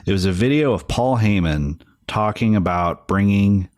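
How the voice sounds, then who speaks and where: A man's voice: on the low side, animated, normal speed, a little mellow, no echo, clean studio sound. A man co-hosting a podcast in casual chat, rambling along with restarts and lots of "you know". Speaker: podcast co-host.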